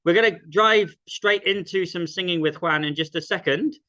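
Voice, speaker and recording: A man's voice: sits high, normal speed, pushed and bright. Guy hosting a zoom singalong, friendly rambling, lots of ums, dull muffled call audio. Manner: chatty and self-deprecating, many ums. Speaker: host. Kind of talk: casual online sing-along welcome. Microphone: video call.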